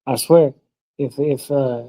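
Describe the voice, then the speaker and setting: A man's voice: mid-range voice, steady tone, slow, dark tone, no echo, poor audio. A young man chatting casually on a livestream, slangy and swearing, laughing often. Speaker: streamer. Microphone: streaming mic.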